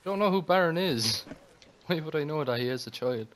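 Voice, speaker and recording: A man's voice: on the high side, lively intonation, a little fast, a bit bright. A young man bantering crudely and laughing with friends while gaming. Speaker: gamer in squad voice chat. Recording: noisy voice chat line.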